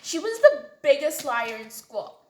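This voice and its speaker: A woman's voice: high-pitched, very animated, a little slow. A woman narrating a storytime in a chatty, casual way. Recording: roomy echo.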